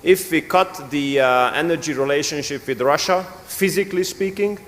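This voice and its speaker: A man, answering on a conference panel in a firm, rhetorical, deliberate way. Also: a little high, a bit bright. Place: conference hall. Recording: long reverb in a conference hall.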